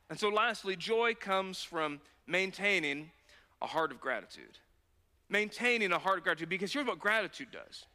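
A bright, high-voiced man preaching an earnest sermon, telling stories in a conversational way. His voice rings through a church sanctuary with a long reverb tail. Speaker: pastor.

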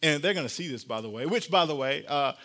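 Higher-voiced man preaching a story. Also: animated, fast talker, a bit bright. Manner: storytelling, conversational, playful with the congregation. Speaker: pastor. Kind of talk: sermon.

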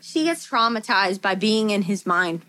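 A woman's voice: medium pitch, normal speed, slight background noise. A woman co-hosting a podcast, casually recapping a film with lots of swearing and acted-out quotes. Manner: animated, swears freely, acts out quotes. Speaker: podcast co-host. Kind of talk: casual movie recap chat.

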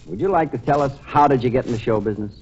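A man's voice: medium pitch, rapid-fire, slightly rough. A man acting as announcer on a 1940s radio show, with a polished, buoyant scripted delivery. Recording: muffled 1940s radio broadcast, live audience.

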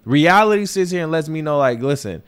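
Brief: young male podcast host, higher-pitched voice, raw and candid personal talk, heavy swearing, repeats himself and restarts. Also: lively intonation, fairly quick, clear, resonant tone. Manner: candid and emotional, swears often, circles back with restarts. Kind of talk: personal opinion monologue. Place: New York.

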